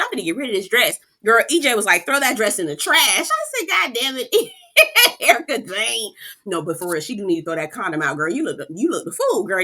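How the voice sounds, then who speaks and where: Woman, bright voice, sassy, animated, chatty reality TV recap. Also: mid-range voice. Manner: sassy, animated, talks straight to viewers. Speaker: reality TV reviewer. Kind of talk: casual recap commentary.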